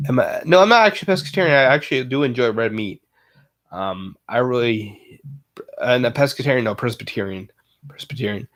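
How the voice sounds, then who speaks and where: A man livestreaming, chatting casually with viewers in a halting way, full of fillers and self-corrections. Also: mid-range voice, animated, a bit bright. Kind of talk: casual live chat.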